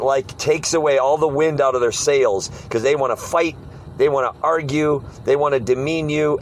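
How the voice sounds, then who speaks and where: Animated man telling street-preaching stories. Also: medium pitch, a little hiss or hum, poor audio. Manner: animated storyteller, mimics hecklers. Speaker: street preacher leading a discussion. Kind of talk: casual group talk with acted-out quotes.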